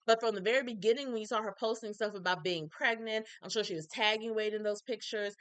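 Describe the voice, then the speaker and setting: Frank, animated woman recapping a documentary. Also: mid-range voice, fast talker, clean tone, no room sound. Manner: frank and animated, acts out quoted people. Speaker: recap video host. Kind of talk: casual opinionated commentary.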